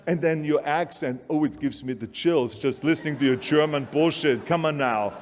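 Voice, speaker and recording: A man with an Austrian accent voicing a dismissive, mocking male Hollywood agent who scolds him in rapid disbelief. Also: a little high, a little hiss or hum, natural voice.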